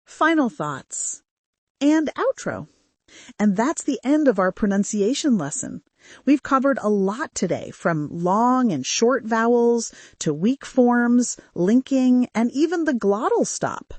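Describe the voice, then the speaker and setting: A woman with a modern British accent teaching pronunciation, modelling each sound slowly and carefully. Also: a little high, big pitch swings, darkish tone, no echo. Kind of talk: scripted language lesson.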